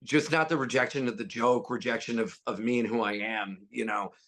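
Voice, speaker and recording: A man being interviewed as a stand-up comedian, telling stories and jokes casually and jumping into high voices when he quotes people. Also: fairly even intonation, fairly quick, fairly bright tone.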